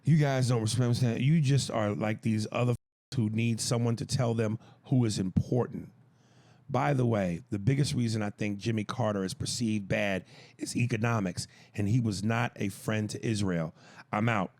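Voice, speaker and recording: A man co-hosting a podcast, reading out and mocking a listener email in loud, crude casual banter. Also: normal speed. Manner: loud, animated and crude, jumps pitch for emphasis. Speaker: podcast co-host.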